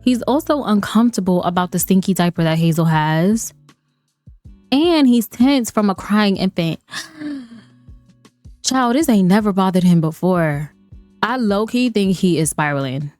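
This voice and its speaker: A woman's voice: medium pitch, measured pace, long pauses, no room sound, soft background music. Chatty laughing gaming host woman. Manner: chatty and animated, laughs often, talks to viewers. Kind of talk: casual game commentary.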